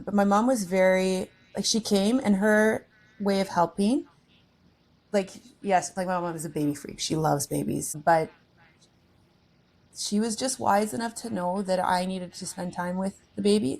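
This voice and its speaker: A woman's voice: mid-range voice, vocal fry, darkish tone. A woman co-hosting a podcast, sharing her motherhood experiences in a casual, earnest chat. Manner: reflective, earnest storytelling. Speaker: podcast co-host.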